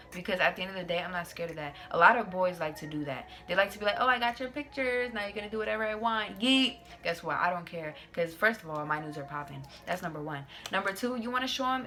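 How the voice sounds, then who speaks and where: A woman's voice: on the low side, bright, forceful tone. A young adult woman hosting her own channel, telling a casual storytime in a sassy, slangy way with plenty of "like"s. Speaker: YouTuber host.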